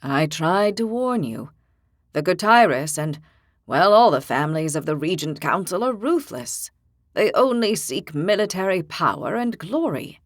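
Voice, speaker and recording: A woman reading as a weary older man, slow and sorrowful, his voice dipping low and heavy as he speaks gravely, dry close sound, in an audiobook. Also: expressive, no echo. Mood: measured. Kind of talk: audiobook character voice.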